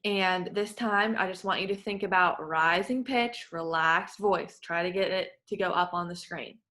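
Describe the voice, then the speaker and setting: A woman's voice: on the low side, moderate pace, bright, forceful tone. A woman working as a voice clinician, giving patient, encouraging step-by-step instructions in a therapy session.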